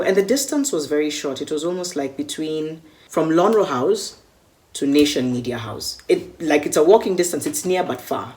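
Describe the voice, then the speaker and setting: A woman's voice: low-pitched, expressive, moderate pace, darkish tone. A Kenyan woman recounting a personal story vividly and acting out the dialogue. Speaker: media personality recalling a con.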